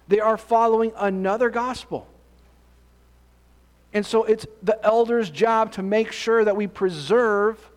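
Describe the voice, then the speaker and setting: A man preaching a conversational Bible-teaching sermon, reading scripture and asking the congregation questions. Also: high-pitched.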